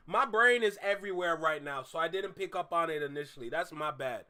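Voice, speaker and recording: A man's voice: high-pitched, a little fast, hardly any pauses, bright, forceful tone. A man hosting a live stream while driving, casually greeting viewers in slang. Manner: laid-back, greets chatters, slangy. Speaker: livestream host. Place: in a car, driving.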